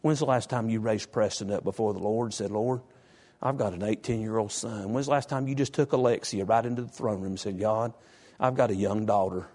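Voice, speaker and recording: Preacher man, folksy and emphatic, reads scripture and then rises high for emphasis. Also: fast talker, mellow. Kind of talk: sermon.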